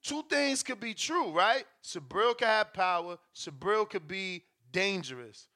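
A man's voice: high-pitched, sharp tone. A man hosting a podcast, arguing in a heated casual debate and cutting in with repeated phrases. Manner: argumentative, interrupts, repeats himself. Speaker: podcast host.

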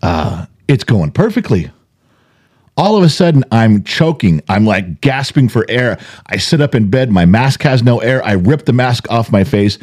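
A man's voice: medium pitch, moderate pace. An older man co-hosting a podcast, telling stories in casual chat and acting out the voices of people in them. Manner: animated storyteller, acts out voices. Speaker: podcast co-host.

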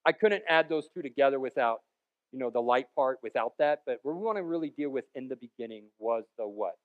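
A man preaching a sermon as pastor, with joking, rambling asides and sudden loud bursts between quieter stretches. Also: medium pitch, lively intonation, fairly quick, narrow, tinny audio.

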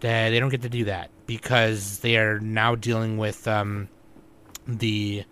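A young man on a podcast recapping manga plot, animated and swearing a lot, acting out the characters' lines. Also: on the low side, a little slow, a little hiss or hum. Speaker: podcast co-host. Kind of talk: casual podcast chat about manga.

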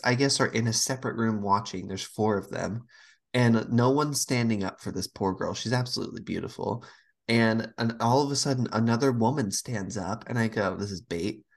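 A woman's voice: extremely low pitch, unhurried. A woman co-hosting a casual podcast, telling stories and acting out the voices of the people in them. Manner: animated storyteller, acts out quoted voices. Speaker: podcast co-host. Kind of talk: casual chat.

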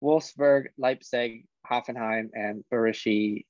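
A man co-hosting a casual sports podcast, running through league standings in a halting way with fillers. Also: mid-range voice, fairly even intonation, darkish tone, no echo. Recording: dull lo-fi dry sound.

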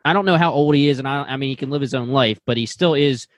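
A man's voice: mid-range voice, fast talker, no room sound. A man co-hosting a podcast, musing about a show in casual, rambling chat. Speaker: podcast co-host.

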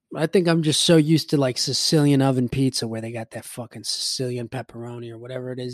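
A man's voice: mid-range voice, no room sound, studio quality. A man hosting his own show, rambling in a casual solo rant, swearing freely and mocking his own grumpiness. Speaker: podcast host.

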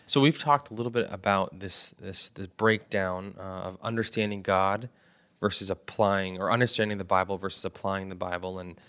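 Male interviewer, very low voice, hesitant, filler-laden delivery. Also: fairly even intonation, a bit bright, clean tone. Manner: halting, filler-heavy questioning. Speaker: interview host. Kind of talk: interview questions.

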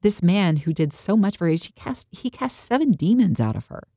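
A woman with a low, mellow voice tells a story in casual conversation. She acts out what people said as she goes, and her delivery stays lively. The room is dry, close and dead. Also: normal speed, no echo. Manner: animated storytelling, acts out quotes. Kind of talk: casual faith discussion.

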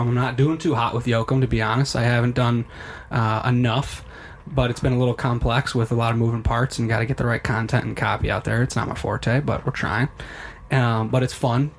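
A man's voice: medium pitch, fairly even intonation, fairly quick, a little hiss or hum. Rambling upbeat young man chatting. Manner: rambling, upbeat, trails off mid-word. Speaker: podcast co-host. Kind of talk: casual chat.

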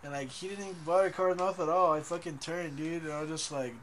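A man's voice: fairly high pitch, fast talker, a bit bright, a little hiss or hum. A man co-hosting a casual podcast, joking around in a profane, slangy way. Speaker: podcast co-host.

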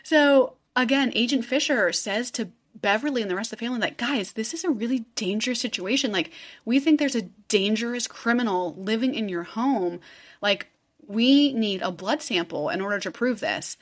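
A woman's voice: fairly high pitch, moderate pace. Woman, podcast co-host, chatty storyteller, lots of fillers, acts out quotes. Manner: chatty storyteller, heavy 'like', acts out quotes, laughs often. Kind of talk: casual true-crime chat.

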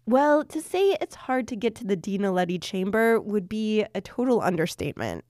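A woman hosting a science podcast, explaining things clearly and cheerfully, recorded at her desk. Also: medium pitch, sing-song, normal speed, a little mellow, dry recording, studio quality. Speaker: podcast host. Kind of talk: scripted science narration.

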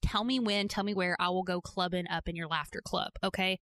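A woman from Georgia hosting a podcast, talking in a playful, jokey, animated way. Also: on the low side, fairly quick. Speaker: podcast host. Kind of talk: casual podcast narration.

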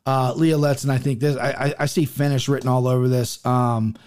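A man's voice: mid-range voice, flat delivery, a little fast, darkish tone. A young man giving casual MMA betting picks, profane and rambling, with many restarts. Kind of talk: casual solo picks show.

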